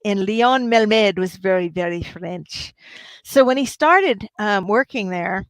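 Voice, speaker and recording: A woman's voice: medium pitch, lively intonation, slow pace, dry recording. A woman hosting a livestream, chatting casually and upbeat with her viewers. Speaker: livestream host.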